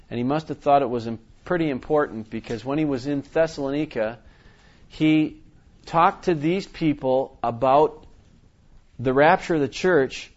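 A middle-aged pastor preaching a sermon, reading scripture slowly and with emphasis, then explaining in a relaxed, conversational way. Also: male voice, a little high, lo-fi sound.

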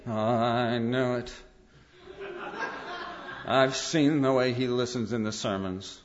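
A man preaching a sermon, telling stories and acting out quotes in an animated way. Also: on the high side. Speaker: pastor. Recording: dull lo-fi sermon recording.

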